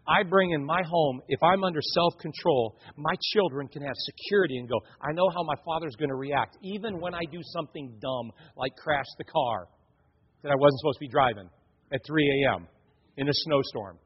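A middle-aged pastor preaches as an animated storyteller, sharing family stories and acting out the voices of his kids and wife. His voice is on the high side with a breathy edge, and he talks fairly quickly. The recording is dull and lo-fi, in a reverberant hall.

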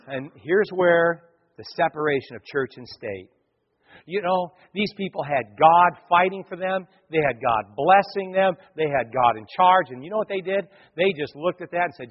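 A man's voice: a little high, a little fast, husky. A man in his sixties preaching a sermon, telling stories and acting out the other people's lines. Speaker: pastor. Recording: lo-fi with long hall reverb.

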